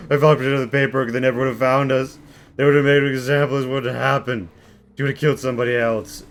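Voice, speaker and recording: A man's voice: medium pitch, level tone, quick pace, voice pushed up, natural voice. A man voicing a sobbing, guilt-wracked captive man who pleads frantically. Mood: desperate. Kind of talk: game master voicing a character.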